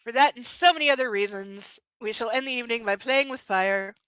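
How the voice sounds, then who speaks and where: A woman's voice: fairly high pitch, brisk, a bit bright, clean tone, no room sound, rough recording. A young woman hosting a book club, reading a novel aloud with sarcastic, mocking asides. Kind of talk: comedic book reading with commentary.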